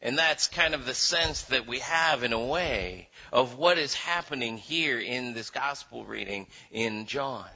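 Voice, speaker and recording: A man's voice: medium pitch, unhurried, hardly any pauses, slightly rough. A man preaching a sermon and telling stories with voiced quotes. He often stumbles and repeats his words, on a dull lo-fi recording. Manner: animated storytelling with voiced quotes, frequent restarts.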